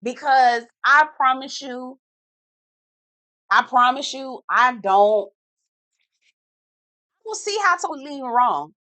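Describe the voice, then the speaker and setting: A woman's voice: high-pitched, lively intonation, takes it slowly, pauses often, sharp tone, no echo. A woman giving a sassy, dramatic, casual recap of a reality TV episode as a vlogger, full of slang asides.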